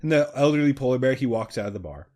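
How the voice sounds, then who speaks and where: A man's voice: mid-range voice, expressive, fast, dark tone. A man co-hosting a video game let's play, rambling and joking in casual chat.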